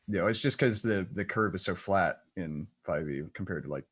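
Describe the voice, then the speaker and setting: Young male player, low voice, blunt joking banter. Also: normal speed, slightly rough. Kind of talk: casual gaming chat.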